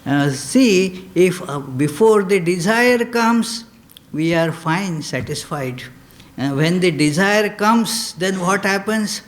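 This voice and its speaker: A man giving a spiritual lecture as a swami, in a slow, halting delivery full of "uh" fillers. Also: sits high, expressive. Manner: lapses into chanted Sanskrit verse.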